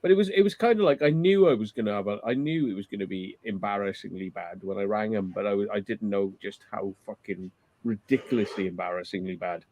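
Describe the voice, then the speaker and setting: A man's voice: fairly low pitch, quick pace, a little mellow, dry recording. A man in casual chat, telling an indignant story and swearing freely.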